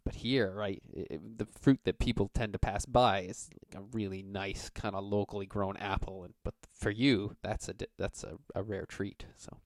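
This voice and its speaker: Narrating a tabletop game, this game master speaks in a lowish voice at normal speed, pausing only rarely. He meanders casually and leans on plenty of fillers. The recording is dry and studio-clean.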